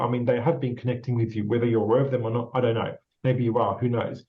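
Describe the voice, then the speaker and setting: Talking fast with few pauses, an Australian psychic medium with a warm, mid-range, level-toned voice does a relaxed spirit reading for a guest. His encouraging, rambling talk is full of fillers and repetition, and the lo-fi recording comes across slightly dull.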